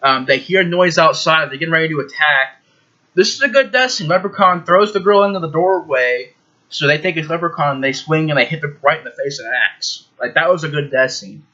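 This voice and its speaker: Man, casual movie review, rambling, emphatic, bright tense voice, lo-fi recording. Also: fairly high pitch, expressive, brisk. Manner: rambling, emphatic, frequent fillers.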